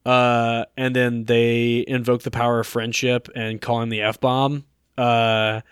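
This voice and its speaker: Smooth, dry-voiced sardonic man. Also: medium pitch, little pitch movement, slow pace, no echo. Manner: blunt, profane, sardonic. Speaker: podcast co-host. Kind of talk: casual podcast banter.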